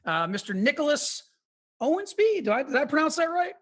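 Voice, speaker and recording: A man's voice: very high voice, big pitch swings, fast talker, fairly bright tone. A man from the US Midwest hosting a podcast, upbeat and enthusiastic as he welcomes and questions his guest. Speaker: podcast host. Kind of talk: podcast interview.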